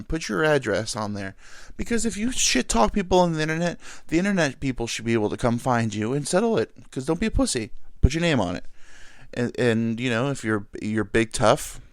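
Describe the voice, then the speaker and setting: Rambling, lively comedic podcast man. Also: mid-range voice, no room sound, studio quality. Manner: loose, profane, jumps between tangents. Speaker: podcast host.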